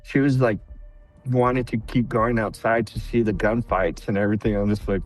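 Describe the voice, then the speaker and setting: Male guest, lowish voice, relaxed storyteller who mimics others, dry close mic. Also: moderate pace, no echo, faint music behind. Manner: laid-back, laughs often, acts out quotes. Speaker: podcast guest, veteran. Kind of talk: casual storytelling.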